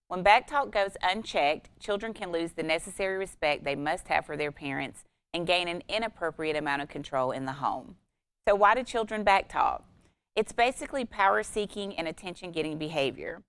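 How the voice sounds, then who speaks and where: Woman, low voice, smooth, calm measured delivery, scripted advice segment. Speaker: parenting tip presenter.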